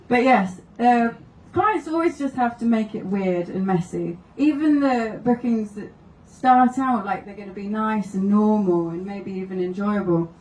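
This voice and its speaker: A woman's voice: mid-range voice, a little slow, darkish tone, roomy sound, far from the mic, a little hiss or hum, poor audio. A woman doing stand-up, telling wry anecdotes and laughing through her stories at a live comedy venue. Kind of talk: stand-up storytelling.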